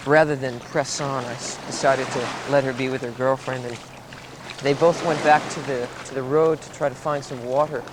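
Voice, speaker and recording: A young man telling a story in a casual interview, lively and acting out the voices he quotes. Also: mid-range voice, moderate pace. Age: 20s. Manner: animated, laughs often, acts out quoted voices. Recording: 1970s tape with background noise.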